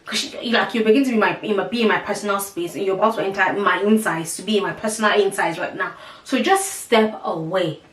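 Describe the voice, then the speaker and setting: A woman's voice: medium pitch, brisk, hardly any pauses. Woman telling a story in an echoey room. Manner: animated, dramatic retelling with quoted dialogue. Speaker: vlogger. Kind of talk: casual storytelling to camera. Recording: echoey room, mic at a distance.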